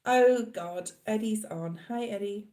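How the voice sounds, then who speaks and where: A woman's voice: medium pitch, slow, warm tone, reverberant. A middle-aged Australian woman giving a live tarot reading, chatting and rambling casually to her viewers. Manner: chatty, rambling, laughs often, addresses viewers by name. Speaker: tarot reader.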